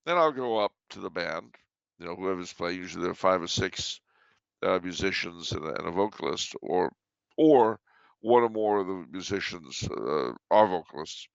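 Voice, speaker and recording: A man's voice: low voice, animated, normal speed, vocal fry, clean tone, no room sound, muffled recording. A man chatting casually, spinning stories with chuckles and a playful edge. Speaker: regular guest answering questions. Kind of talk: casual chat.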